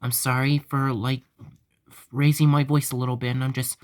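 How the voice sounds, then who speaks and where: A man's voice: mid-range voice, level tone, moderate pace, a little mellow, no echo, studio quality. A man hosting his own channel, talking in an earnest vlog style that is repetitive and full of stumbling restarts. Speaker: host of a fan-made theme park channel.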